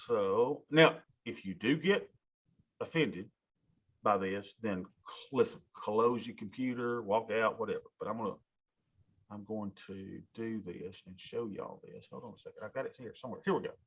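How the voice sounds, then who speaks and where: Gravelly man, folksy and emotional. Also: lowish voice, moderate pace. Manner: folksy, emotional, talks to listeners as y'all. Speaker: financial advisor giving a talk. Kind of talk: casual rambling monologue.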